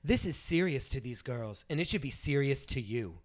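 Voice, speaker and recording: A man's voice: medium pitch, lively intonation, moderate pace, lightly acted. A man playing a female TV host who scolds a contestant in an impassioned monologue. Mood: stern.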